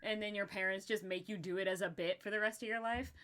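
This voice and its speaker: A young woman hosting a casual livestream chat, animated and laughing as she tells stories and swears freely. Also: medium pitch, fast talker. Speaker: podcast host.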